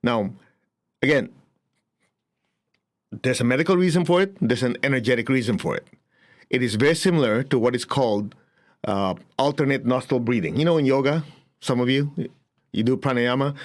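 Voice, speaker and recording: A man teaching a spiritual class, telling stories with frequent chuckles and acting out the people he quotes. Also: mid-range voice. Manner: animated storytelling, chuckles often, acts out quotes.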